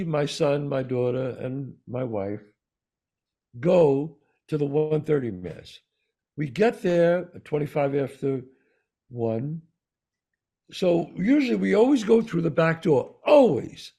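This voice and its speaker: Gravelly, husky man telling a story. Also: on the high side, animated, takes it slowly, dark tone. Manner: emphatic, repeats words for stress. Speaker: podcast co-host. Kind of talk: casual storytelling chat.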